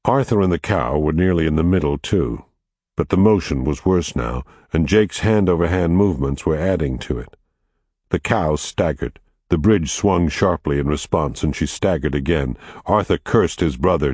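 A man narrating an audiobook in a measured, steady, quietly dramatic way. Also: extremely low pitch, husky, dry recording, studio quality.

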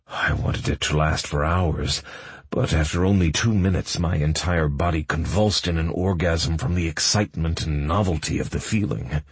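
Very deep, gravelly male narrator. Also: no echo. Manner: slow, low-key first-person reading. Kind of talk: audiobook narration.

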